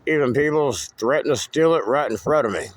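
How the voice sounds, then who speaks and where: A man's voice: mid-range voice, fairly quick, dry recording. A man giving a rambling, cryptic walking tour of his wooded land outdoors, swearing freely. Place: outdoors in woods.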